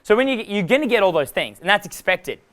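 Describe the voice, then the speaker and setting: A man giving a live dating seminar, animated and profane, laughing at his own jokes. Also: high voice, fast. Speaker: dating coach.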